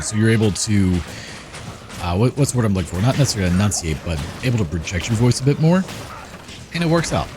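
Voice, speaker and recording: A man hosting a gaming channel, chatting in a relaxed, rambling way as he comments over gameplay. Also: fairly low pitch, fast, slight background noise. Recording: game music playing behind. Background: game music.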